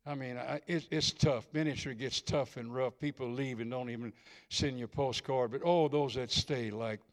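A man's voice: mid-range voice, fairly even intonation, moderate pace. Older man, preacher, folksy, earnest, repeats key phrases, church sermon. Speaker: visiting preacher. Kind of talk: sermon with prophetic ministry.

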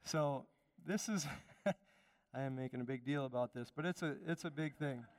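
A man's voice: medium pitch, moderate pace. A man from Chicago preaching a conversational sermon as pastor, emphatic and repeating his phrases. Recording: long reverb of a hall.

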